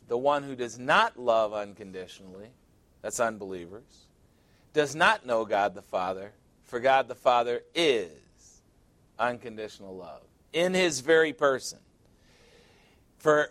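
A man preaching a sermon, stressing key words and often dropping low and quiet at the end of a point. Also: no echo. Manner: emphatic, repeating phrases for stress.

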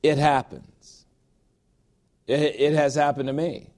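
A man's voice: a little high, steady tone, takes it slowly, a little mellow. Emphatic man preaching a sermon. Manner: emphatic, emotional preaching with personal asides; repeats phrases for emphasis. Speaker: pastor.

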